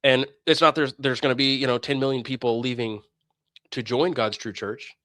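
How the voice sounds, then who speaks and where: A man's voice: mid-range voice, steady tone, normal speed, sharp tone, no room sound, studio quality. A man hosting a religious debate stream, delivering a heated, scornful and preachy monologue that mocks his opponents. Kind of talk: ranting monologue.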